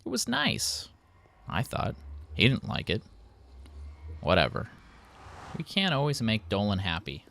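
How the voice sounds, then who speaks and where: A man's voice: on the low side, big pitch swings, unhurried, pauses often, a bit bright. A man hosting a casual gameplay commentary, rambling and poking fun at himself. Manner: rambling, self-mocking, playful. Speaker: let's play host.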